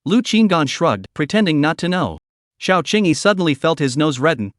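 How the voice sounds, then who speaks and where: A man reading a scripted story recap in an even, steady manner. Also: fairly high pitch, moderate pace, no room sound, clean studio sound. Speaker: narrator. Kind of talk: scripted narration of a comic recap.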